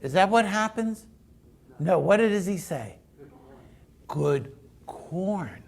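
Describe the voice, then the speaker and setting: Slow, gravelly preaching man. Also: sits high, expressive. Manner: conversational storytelling preaching. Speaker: pastor. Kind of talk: sermon.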